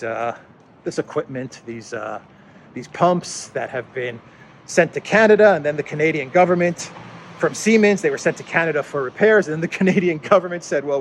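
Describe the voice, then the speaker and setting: A male host giving casual political commentary in a sarcastic, scoffing way, breaking into laughter often. His voice sits a little high for a man, and faint noise lies behind it. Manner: sarcastic, laughs often, acts out mock impressions.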